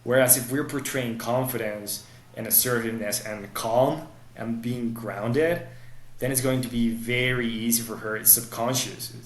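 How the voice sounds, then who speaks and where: A man's voice: medium pitch, steady tone, measured pace. Man coaching in an echoey room. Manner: explanatory, coaching tone. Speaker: dating coach guest. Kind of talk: podcast conversation.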